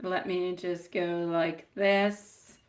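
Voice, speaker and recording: A woman's voice: fairly low pitch, level tone, very slow, noisy background. A woman giving a live-stream tarot reading, chatty and affectionate, often laughing at herself.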